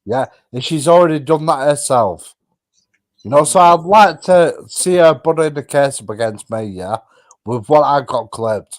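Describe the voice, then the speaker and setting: Guy hosting a stream panel, highish voice, blunt and mocky, swears loads. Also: normal speed. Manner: blunt, mocking, swears freely. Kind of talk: casual live stream chat.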